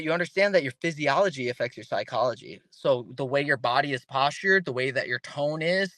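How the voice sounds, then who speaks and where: Here a man guesting on an interview podcast speaks with a fairly high pitch, chatting casually and animatedly. Restarted sentences are common, as are his impressions of the people he quotes; the recording is dry.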